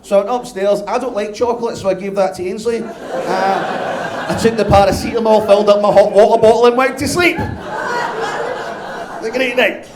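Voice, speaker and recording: A Scottish man in his fifties works a live comedy crowd in a high, bright voice. He is brash and sweary and gets loud as he banters. The sound is echoey, as from a live venue. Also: expressive, moderate pace, pauses often, noisy background. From Scotland. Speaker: stand-up comedian. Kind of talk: live stand-up routine.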